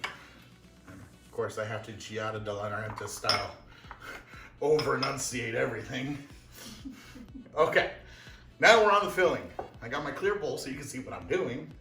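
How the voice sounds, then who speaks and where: A man's voice: medium pitch, normal speed, creaky, pauses often, pushed and bright, faint music behind. Joking man cooking in an echoey kitchen. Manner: jokey, laughs often, self-mocking asides. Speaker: cooking show host. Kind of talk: casual cooking chat. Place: home kitchen. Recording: roomy kitchen echo, mic far off.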